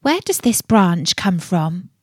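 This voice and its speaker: A woman's voice: on the low side, big pitch swings, slow pace, darkish tone, husky, no room sound, studio quality, exaggerated voice. A woman voicing a proud young princess who asks commanding questions in a storybook reading. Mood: sharp. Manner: imperious, demanding questions.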